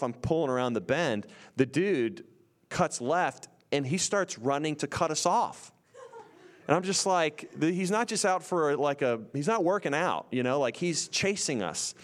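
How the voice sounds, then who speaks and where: A young man telling a story casually, getting excitable and acting out screams and voices. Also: on the high side. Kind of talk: animated storytelling.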